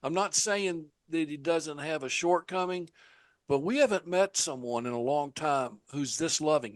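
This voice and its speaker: A man's voice: on the high side, no room sound. A man hosting a casual conversation, telling stories with animation and speaking straight to his listeners. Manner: animated storyteller, direct address to listeners.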